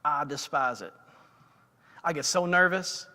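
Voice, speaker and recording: A man's voice: a little high, a little slow, pushed and bright. A middle-aged man giving a casual, self-deprecating sermon in a church, telling stories with lots of fillers. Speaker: lay preacher. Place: church sanctuary. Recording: church livestream with long hall reverb.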